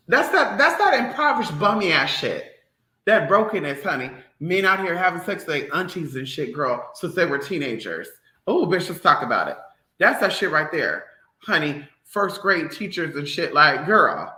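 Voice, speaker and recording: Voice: medium pitch, big pitch swings, moderate pace, pushed and bright, echoey room. A vlogger ranting to the audience in a sassy, profane, emphatic way. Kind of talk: ranting commentary to camera.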